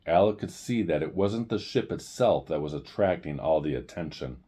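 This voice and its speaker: A man hosting a storytime show, reading a chapter book aloud in a measured, deliberate way. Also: low voice, warm tone. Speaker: storyteller host.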